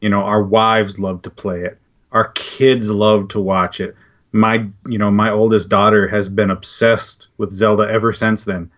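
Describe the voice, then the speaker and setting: A man's voice: lowish voice, level tone, measured pace, fairly bright tone. A man who is a podcast guest, talking earnestly and reflectively in casual chat with hesitant restarts. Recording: dull lo-fi audio.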